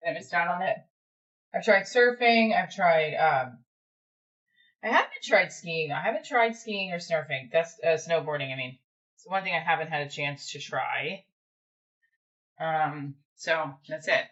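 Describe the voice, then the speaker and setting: Rambling New Jersey woman, low lo-fi voice. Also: lively intonation, a little slow, fairly bright tone. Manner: chatty, rambling, many fillers and restarts. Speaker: livestream host. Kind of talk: casual livestream chat. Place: home. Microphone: phone camera.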